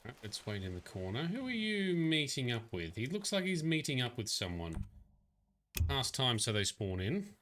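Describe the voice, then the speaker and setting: Bright-voiced playful male streamer. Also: mid-range voice, sing-song, moderate pace, a little hiss or hum. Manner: chatty, laughs often, playful. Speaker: livestreamer. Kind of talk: casual gameplay commentary.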